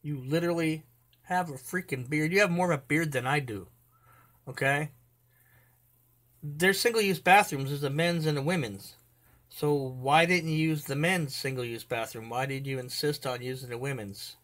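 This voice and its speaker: A man's voice: fairly high pitch, moderate pace, a bit bright. Blunt man hosting a reaction video. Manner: blunt, profane, addresses viewers directly. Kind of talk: casual reaction commentary.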